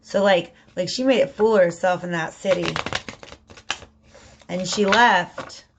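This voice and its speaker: A woman's voice: lowish voice, a little slow, muffled recording, background noise. A woman giving a casual spoken tarot reading, chatty and prone to repeating herself, often checking in with "okay?". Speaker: tarot reader.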